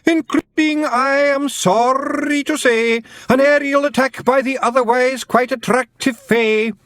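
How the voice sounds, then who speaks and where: A man's voice: very high-pitched, steady tone, a little slow, fairly bright tone, no echo, pitched above the performer's own voice. A man voicing a tiny, theatrical male pixie poet who declaims mournful rhyming verse in a groaning wail. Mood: theatrical lament.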